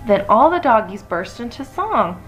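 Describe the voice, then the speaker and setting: A woman reading a children's picture book aloud in an expressive, playful way. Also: normal speed, soft background music, low-quality recording. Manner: expressive, playful, lots of pitch swings. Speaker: storyteller.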